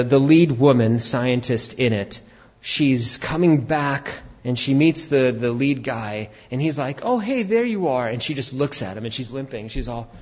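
A pastor preaching an animated sermon, rising to shouts for emphasis. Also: male voice, mid-range voice, lo-fi sound.

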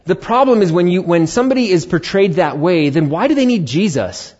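Speaking fairly quickly in a high-pitched voice, this middle-aged male pastor shares a personal anecdote in his sermon, animated and conversational, voicing the dialogue himself. It's captured on a dull, lo-fi recording.

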